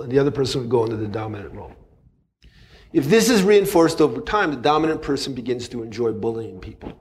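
A man speaking as a psychologist guest in a casual conversation, loose and candid, swearing freely and laughing at himself. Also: mid-range voice.

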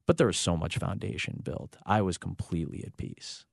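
A man speaking earnestly as an interview guest, halting and restarting as he reflects. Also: sits low, animated, gravelly, dry recording, studio quality.

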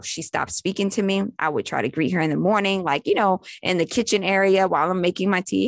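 A woman's voice: on the low side, a little fast, vocal fry, few pauses, dry recording. A young adult woman telling a story in a casual, chatty way, full of fillers and acted-out quotes.

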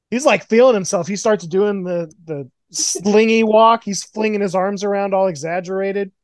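Male podcast host, loose and profane, animated riffing, dry recording. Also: high voice, no room sound. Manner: profane, rambling, animated storytelling with mock quotes. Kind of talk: casual fantasy booking chat. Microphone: video call.

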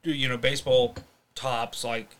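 A man co-hosting a casual podcast chat, rambling and restarting his sentences, with sudden animated bursts. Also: mid-range voice, moderate pace. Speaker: podcast co-host.

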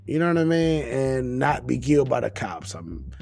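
A man's voice: mid-range voice, big pitch swings, normal speed, gravelly, darkish tone, faint music behind. A man hosting a casual, rambling monologue, a little intoxicated, talking in a profane, laid-back way. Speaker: podcast host.

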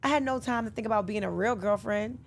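A woman's voice: mid-range voice, quick pace. A woman guest in casual interview chat, who tells stories animatedly and acts out the lines she quotes. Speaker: podcast guest.

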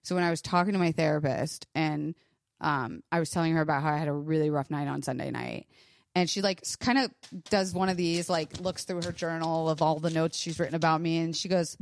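A young woman co-hosting a podcast in casual chat, animated and profane, acting out the voices she quotes in her stories. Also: low-pitched, fast talker, no room sound, studio quality. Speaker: podcast co-host.

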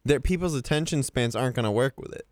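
A man's voice: mid-range voice, quick pace, no room sound, clean studio sound. A man on a casual talk show who is laid-back and joking, and often asks off-topic questions.

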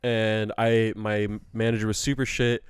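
A man's voice: fairly low pitch, level tone, normal speed, clear, resonant tone, no room sound, studio quality. Profane, joking man telling stories. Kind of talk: casual chat.

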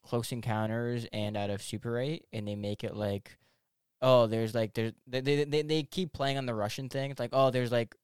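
Animated man hosting a podcast. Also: medium pitch, clear, resonant tone, no room sound, studio quality. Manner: animated, swearing, quick laughs. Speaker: podcast host. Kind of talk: casual podcast chat.

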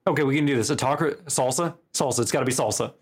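A man's voice: medium pitch, rapid-fire, breathy edge. A man co-hosting a gaming podcast from home over an online call, chatting casually and telling stories with jokes and animation. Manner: joking, animated storyteller. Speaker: podcast co-host. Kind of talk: casual chat.

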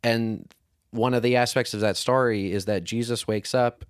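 A man co-hosting a casual faith discussion podcast, speaking in a thoughtful, measured, reflective way. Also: medium pitch, fairly even intonation, no room sound, studio quality. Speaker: podcast co-host.

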